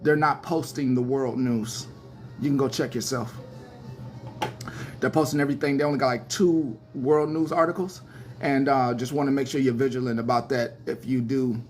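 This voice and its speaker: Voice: medium pitch, steady tone, normal speed, a little mellow, soft background music. A pastor hosting a casual livestream news show, talking to viewers in chat in a chatty, hesitant way with many fillers.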